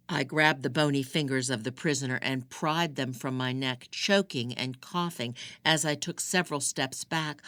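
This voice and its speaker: Brief: slow, measured first-person audiobook read, bright tone, dry booth sound. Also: mid-range voice, no echo. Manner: measured, expressive in dialogue.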